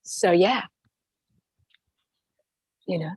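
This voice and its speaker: A woman podcast host speaking earnestly and reflectively about her feelings in a relaxed conversation. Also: lowish voice, very slow, slightly rough, no echo, poor audio.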